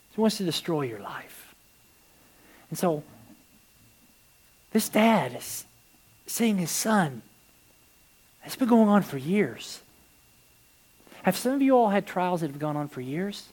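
Preacher swinging from hush to shout. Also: medium pitch. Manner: animated, swinging from hushed to shouted emphasis; repeats words when building a point. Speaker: pastor. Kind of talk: sermon. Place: church service.

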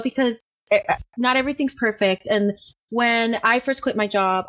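A woman's voice: on the high side, a bit bright. A young woman guest talking openly in a podcast interview, chatty with lots of restarts and fillers. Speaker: podcast guest, business owner. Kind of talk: candid interview storytelling. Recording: dull lo-fi sound.

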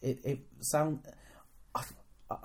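A woman's voice: slow pace, darkish tone. A woman co-hosting a wrestling podcast from a hotel room, talking in a dry, rambling, self-deprecating way. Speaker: podcast co-host, wrestling promoter. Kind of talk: casual chat.

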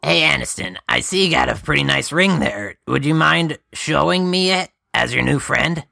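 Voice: medium pitch, animated, moderate pace, creaky, bright, forceful tone, no room sound, clean studio sound. A player in a casual tabletop game who curses and restarts sentences. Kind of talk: tabletop role-play, casual.

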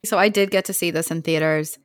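A woman's voice: lowish voice, steady tone, brisk, dry recording, clean studio sound. A young woman co-hosting a podcast, talking earnestly and emotionally about a film, with lots of "like". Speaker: podcast co-host. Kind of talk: casual film discussion.

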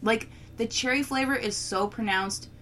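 A woman's voice: fairly high pitch, normal speed, a bit bright. Woman co-host, casual and playful, laughs often, faint noise behind. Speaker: co-host tasting beer. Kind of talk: casual chat.

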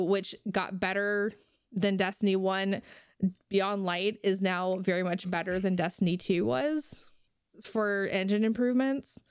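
A woman's voice: medium pitch, clean tone, dry recording, studio quality. Heated woman ranting on a podcast. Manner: heated, ranting, swears freely. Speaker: podcast co-host. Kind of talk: casual podcast chat.

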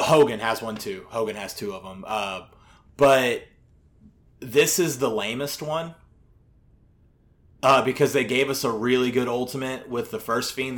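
A man's voice: mid-range voice, a bit bright. A man co-hosting a podcast in casual chat, rambling with lots of fillers and the odd swear. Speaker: podcast co-host.

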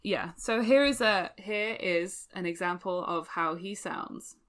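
A woman's voice: mid-range voice, measured pace, a bit bright. A woman co-hosting a podcast in casual chat, making wry, exaggerated jokes from her own studio. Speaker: podcast co-host and editor. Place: own home recording studio.

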